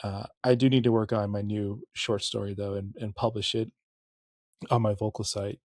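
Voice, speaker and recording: Rambling, candid podcast host. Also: male voice, lowish voice, level tone, normal speed, a little mellow, no echo, studio quality. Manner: rambling, candid, curses, frequent restarts and self-corrections. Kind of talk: casual podcast monologue and history narration.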